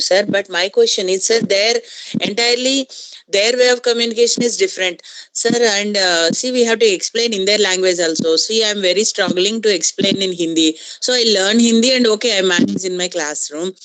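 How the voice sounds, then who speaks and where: A woman teacher asking a symposium speaker a question, hesitant and halting, saying "sir" again and again. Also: mid-range voice, a bit bright.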